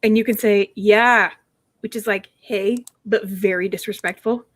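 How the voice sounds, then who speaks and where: A young adult woman streaming with a co-host chats casually, telling stories with laughter and playfully teaching foreign phrases. Her mid-range voice is steady, fairly quick and has a breathy edge.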